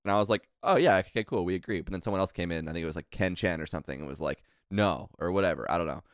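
Fast-talking deep-voiced man telling a story. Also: smooth, dry recording, studio quality. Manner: long rambling storytelling, quick and animated. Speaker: podcast co-host. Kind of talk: casual podcast chat.

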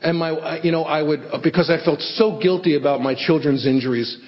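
A middle-aged man doing stand-up storytelling, self-deprecating and animated. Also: a little high, fairly quick. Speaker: stand-up comedian. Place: theater stage before an audience. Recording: echoey hall, dull lo-fi sound, faint hiss.

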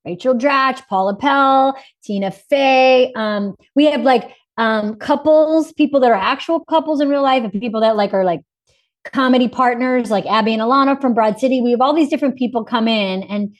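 A middle-aged woman, a guest on a podcast, chatting in an upbeat, talkative way. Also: fairly high pitch. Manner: upbeat, chatty, quick to laugh along. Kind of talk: casual chat.

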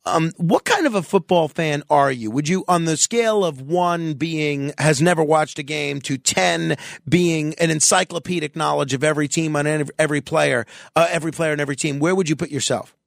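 A man hosting a late-night radio interview show, talking in a halting way with lots of fillers and restarts. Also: on the high side, creaky, dry recording, studio quality.

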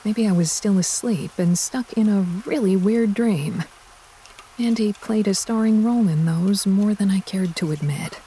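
A woman's voice: medium pitch, a little slow, dark tone, slightly rough. A woman reading a first-person story aloud with a wry, dry touch. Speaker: audiobook narrator. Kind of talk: scripted first-person narration.

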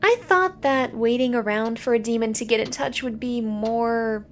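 A woman's voice: on the high side, moderate pace, slight background noise, lightly acted. A woman playing chatty, gossipy Cassie. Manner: chatty, gossipy, laughs easily. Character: chatty young woman Cassie, quick to laugh. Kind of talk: audio drama acting.

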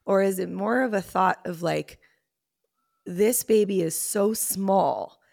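Gravelly-voiced woman therapist. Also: mid-range voice, takes it slowly. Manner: warm reassuring explanations, frequent "like". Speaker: therapist guest. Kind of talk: casual podcast conversation.

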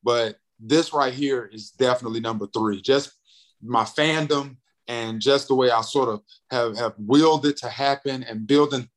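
Young male comic guest, lively storyteller who acts out dialogue. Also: normal speed, rough recording. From North Carolina. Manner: animated, acts out quotes with big pitch jumps. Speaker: comedian and radio host, guest. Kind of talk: casual interview storytelling.

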